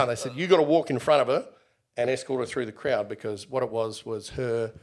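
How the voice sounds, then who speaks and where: In a casual interview, a middle-aged Australian man who used to be a bodyguard tells stories at a slightly fast pace. His voice sits at medium pitch, and he animatedly acts out the exchanges he quotes.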